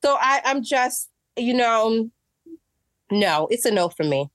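A woman telling a story in casual chat, animated and acting out what people said, getting exasperated as she goes. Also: a little high, takes it slowly, no room sound, studio quality. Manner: animated, acts out quotes, rising exasperation. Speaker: guest.

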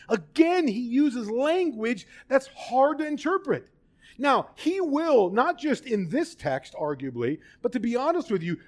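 A man with a high voice preaches a sermon. He speaks with emphasis and animation, often putting questions to his listeners.

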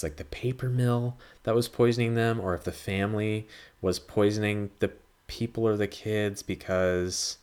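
Deep-voiced man rambling casually. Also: darkish tone. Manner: rambling, swears freely, acts out quoted dialogue. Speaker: podcast host reviewing a film. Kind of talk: casual chat.

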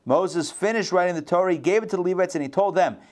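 Man, slightly high voice, relaxed teacher on a video call, chatty and self-correcting. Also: fast talker. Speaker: Torah teacher. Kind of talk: conversational online Bible class.

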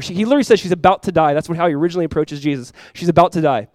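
A man preaching a sermon as pastor, animated, acting out biblical voices and swinging between loud bursts and hushed lines. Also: fairly high pitch, rapid-fire, hardly any pauses, dry recording.

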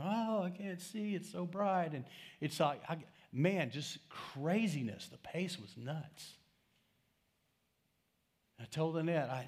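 A man, a pastor preaching a sermon in a church, talking in a conversational, storytelling way and putting questions to the congregation. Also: medium pitch. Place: church sanctuary.

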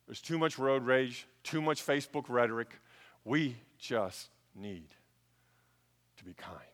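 A middle-aged man preaching a sermon, telling stories and swinging between hushed asides and loud emphasis. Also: mid-range voice, expressive, measured pace, in a large hall. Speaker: pastor.

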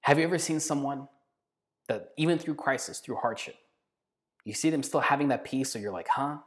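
A man with a mid-range voice preaches a sermon earnestly and emphatically. On key phrases he slows down and drops to a hush.

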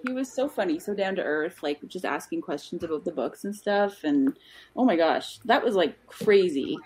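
A woman's voice: lowish voice, expressive, normal speed, a crowd in the background. A young adult woman, a guest author, chatting casually in an interview and telling stories with lots of ums and restarts.

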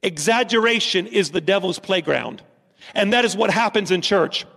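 Man, pastor, emphatic sermon, high voice, long hall reverb. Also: moderate pace, gravelly, fairly bright tone. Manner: emphatic, repeats lines for stress.

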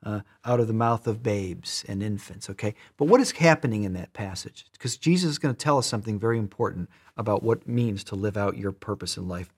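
Husky-voiced man preaching a sermon. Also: lowish voice, lively intonation, brisk, hardly any pauses. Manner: emphatic, repeats words, shifts between loud and soft.

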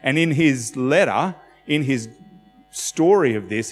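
A man's voice: mid-range voice, lively intonation, takes it slowly. Conversational male pastor in echoing hall. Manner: conversational, self-deprecating, acts out quotes. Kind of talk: sermon. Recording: long hall reverb with faint music.

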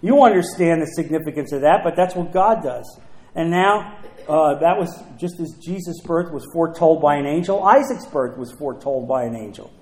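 A man preaching a sermon as pastor, emphatic, repeating key phrases and slowing down to read scripture aloud. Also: on the high side, a little mellow, echoey room, poor audio.

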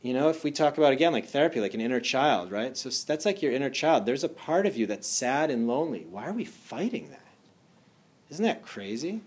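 An earnest man speaks in a relaxed, conversational way, like a healer talking to a small group. His voice sits in an ordinary middle pitch. He keeps asking rhetorical questions and fills gaps with "um" and "you know". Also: brisk, slightly rough. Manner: earnest, asks rhetorical questions, many fillers. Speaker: energy healer giving a talk. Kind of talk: casual motivational talk.

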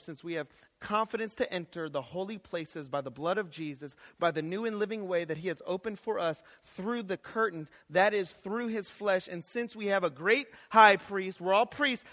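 A man in his thirties, with a high voice, gives a chapel sermon in a loose, conversational way. He drops to quiet asides and then rises to shouts. Long reverb rings through the hall. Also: normal speed, hardly any pauses. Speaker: chapel speaker. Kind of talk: lively sermon. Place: college chapel.

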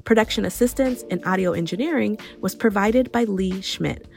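Gravelly-voiced woman reading a podcast outro. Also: medium pitch, moderate pace, a little mellow, soft background music. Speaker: podcast producer and narrator. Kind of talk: scripted outro narration.

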